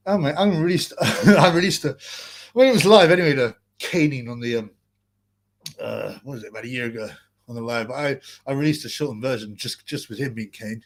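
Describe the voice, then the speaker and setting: A man's voice: medium pitch, brisk. A man hosting a casual livestream, rambling and mocking as he reads out greetings from chat. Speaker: livestream host.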